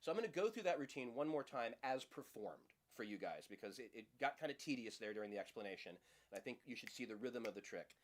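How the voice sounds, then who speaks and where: Teaching a magic trick at a quick clip, this middle-aged man keeps things relaxed and hands-on. His pitch is middle but extremely lively in range, and his playful delivery includes high-voiced impressions of audience members as he guides each move.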